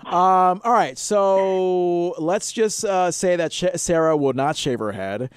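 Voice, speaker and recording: A man's voice: sits high, slow, clean tone. A man hosting a radio talk show, chatting and joking a little tipsy. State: slightly drunk. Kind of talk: casual chat.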